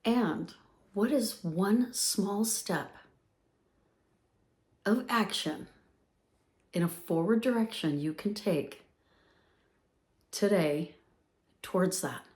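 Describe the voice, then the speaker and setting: A woman's voice: mid-range voice, takes it slowly, long pauses, a little mellow. A woman in her fifties hosting a motivational podcast, talking in an upbeat, emphatic way and repeating phrases for effect. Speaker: podcast host.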